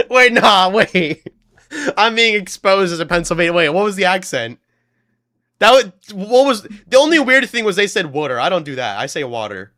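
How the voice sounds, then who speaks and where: A man's voice: sits high, big pitch swings, brisk, bright, forceful tone. A man live-streaming a game, chatting and laughing with his chat in a joking way. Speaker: gaming streamer.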